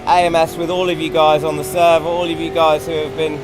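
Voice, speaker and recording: A man's voice: a little high, little pitch movement, a little fast, music in the background. A man streaming a sim race, chatting casually and reacting to the driving mid-sentence. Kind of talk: casual live-stream commentary while racing. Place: home sim racing rig.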